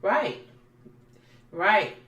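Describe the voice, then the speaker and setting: A woman's voice: medium pitch, drawn-out words, lo-fi sound. A woman co-hosting a podcast, casually retelling reality TV drama and acting out the people she quotes. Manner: animated storyteller, acts out the people she quotes. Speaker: podcast co-host. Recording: roomy sound, distant from the mic.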